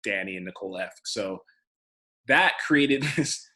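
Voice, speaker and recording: A man co-hosting a podcast, chatting casually in a relaxed, conversational way. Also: lowish voice, unhurried. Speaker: podcast co-host. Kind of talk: casual recap chat.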